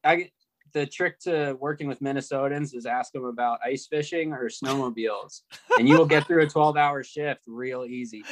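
A man in casual chat as a podcast guest, telling stories in a relaxed, rambling way. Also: mid-range voice, normal speed, a little hiss or hum. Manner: relaxed storytelling, rambling with fillers, laughs.

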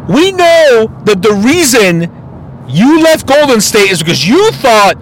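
A man's voice: extremely high pitch, sing-song, unhurried, slight background noise, poor audio. A man hosting a podcast, delivering a blunt, profane opinion monologue. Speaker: podcast host.

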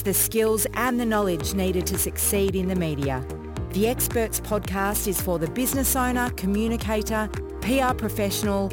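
Polished woman announcer over music. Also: mid-range voice. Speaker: show announcer. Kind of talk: scripted intro.

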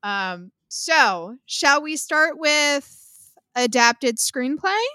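Chatty, bright-voiced woman co-host. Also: high-pitched, expressive, drawn-out words, no echo. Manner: chatty, opinionated, frequent "like" and "um". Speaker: podcast co-host. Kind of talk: casual chat.

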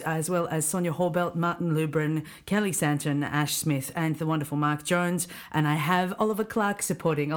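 Chatty podcast host woman, low voice. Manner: chatty, laughing easily, quick asides. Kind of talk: casual podcast chat.

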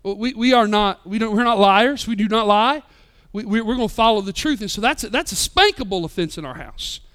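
A man in his thirties, a pastor preaching a sermon with passion, rising loud and dropping soft. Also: high voice, expressive, fairly quick, clear, resonant tone. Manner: impassioned, swings between loud and soft. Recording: live church sermon podcast.

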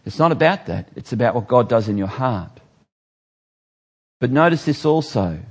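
Man preaching in church, gets loud and high then slows way down on key words. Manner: animated preaching, with sudden loud rises and slow, stressed words. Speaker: pastor. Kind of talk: sermon.

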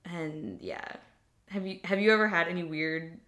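A woman's voice: lowish voice, normal speed, a crowd in the background. A young woman talking casually and reflectively about faith, with many fillers and restarts.

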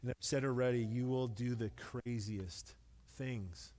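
A middle-aged man preaching a sermon in a relaxed, conversational way, with light self-deprecating humor and words repeated when he stresses a point. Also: medium pitch, a little slow. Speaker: pastor. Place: church sanctuary with long reverb. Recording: long hall reverb.

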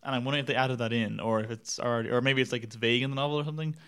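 Guy chatting about a movie, wry, rambly, cracks himself up, mid pitch. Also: steady tone, racing, a bit bright, clean tone. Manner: rambling, wry, laughs at his own jokes, swears. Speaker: podcast film reviewer. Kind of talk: casual chat.

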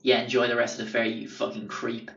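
A man voicing a young woman at a poetry table, raising his pitch for her. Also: completely flat delivery, fairly quick, fairly bright tone, close to an everyday voice. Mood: curt. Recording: roomy, distant, dull sound.

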